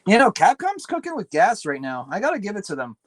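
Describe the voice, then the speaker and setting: This man's voice sits high and swoops wildly in pitch as he talks fast, with a little hiss or hum on a low-quality recording. Tired and up late, he streams a PC build, muttering, swearing and rambling self-deprecatingly in casual chat.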